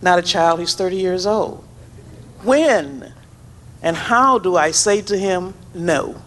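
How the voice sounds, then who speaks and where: A woman's voice: on the low side, slow, a bit bright, a little hiss or hum. An older woman, a grandmother, asking an earnest question from the floor of an auditorium. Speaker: audience member asking a question.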